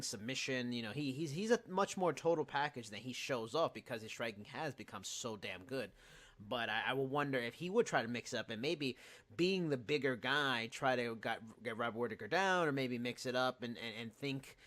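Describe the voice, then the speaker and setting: This man's voice is mid-range and a bit bright. Hosting a podcast in a casual chat, he analyzes things closely and goes through the details at length.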